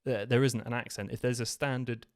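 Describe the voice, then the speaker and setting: A man's voice: medium pitch, steady tone, brisk. A man from southwest England with an English accent, chatting as a guest in a self-deprecating, rambling way. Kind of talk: casual video-call chat.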